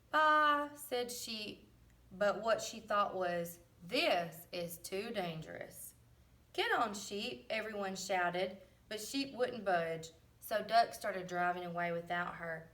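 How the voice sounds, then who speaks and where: Woman reading a picture book aloud, slow and distant. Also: mid-range voice. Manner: animated character voices for the animals. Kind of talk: read-aloud storybook with questions.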